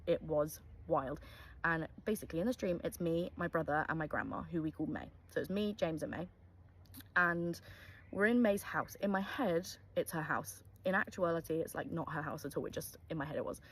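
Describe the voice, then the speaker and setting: A young woman tells a spooky true story in a loose, chatty storytime monologue, dropping "um" and "like" throughout. Her voice sits on the lower side. A faint hum runs underneath. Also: moderate pace, rough recording. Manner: chatty, lots of fillers like "um" and "like".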